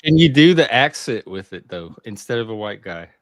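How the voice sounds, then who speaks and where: A man with a fairly low voice hosting a casual group conversation. He sounds relaxed and talkative, teasing and nudging the others. The sound is dry and close. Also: normal speed, no room sound. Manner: relaxed, talkative, prodding and joking. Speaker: host. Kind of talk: casual chat.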